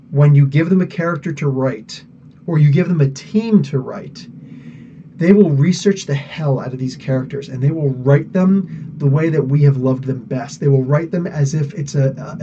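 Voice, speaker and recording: A man's voice: on the high side, dark tone, far from the mic, muffled recording, slight background noise. A man hosting a live podcast, chatting loosely, laughing often and using many fillers. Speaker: podcast host answering live chat. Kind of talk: casual live-stream chat.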